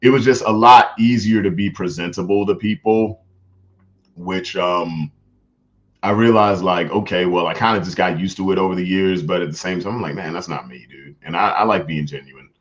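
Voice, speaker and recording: A young man with a deep, low-set voice, chatting on a live stream in a laid-back, slangy way and laughing often. His desk mic comes through dull and lo-fi. He reads out viewer comments as he goes. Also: moderate pace. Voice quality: deep natural voice. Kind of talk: casual chat with live chat readers.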